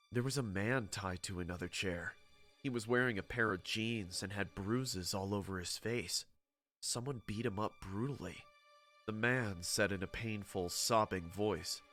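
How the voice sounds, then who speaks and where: A man narrating a horror story in a steady, dramatic scripted telling. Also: lowish voice.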